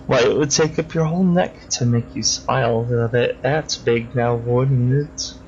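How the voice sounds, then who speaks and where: A man's voice: medium pitch, a little slow, a little mellow, close to an everyday voice. A man voicing a gleeful, sadistic male villain in a video game, with a sing-song, purring menace, on a dull lo-fi recording with faint hiss. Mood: creepy gleeful.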